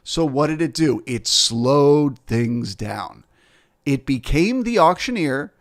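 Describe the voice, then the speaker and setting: A man teaching as a futures trader, explaining the market through rhetorical questions and frequent "right?" and "okay?" check-ins. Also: on the high side. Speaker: futures trader and trading educator.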